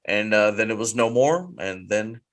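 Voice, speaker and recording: A man co-hosting a wrestling podcast in casual chat, animated and quick to repeat himself when he gets going. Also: lowish voice. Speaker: podcast co-host.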